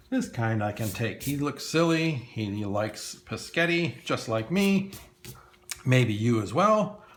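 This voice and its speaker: A man's voice: on the high side, a bit bright, a little hiss or hum. A man teaching children to draw cartoons step by step, playful and talking straight to the kids, with frequent chuckles. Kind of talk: step-by-step drawing lesson for kids.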